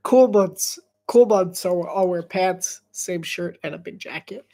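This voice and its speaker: A woman's voice: on the low side, a little slow, warm tone. A congested woman giving casual live game commentary, chatty and rambling, laughing often. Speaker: sports commentator.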